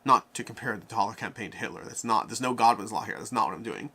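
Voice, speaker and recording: Speaking fast in a lowish voice with vocal fry and a breathy edge, a man hosts a live-stream Q&A. He answers viewer questions animatedly, thinking out loud as he goes.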